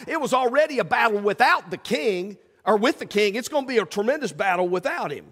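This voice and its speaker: A man preaching a sermon as pastor, swinging from loud calls to hushed asides. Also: sits high, expressive, a little fast. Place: church sanctuary. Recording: church sanctuary with long reverb.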